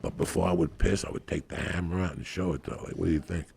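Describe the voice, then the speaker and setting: A man's voice: low-pitched, fast, vocal fry, slight background noise. A man telling a raunchy story on a podcast in a brash, profane way. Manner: brash, profane, builds to laughing shouts.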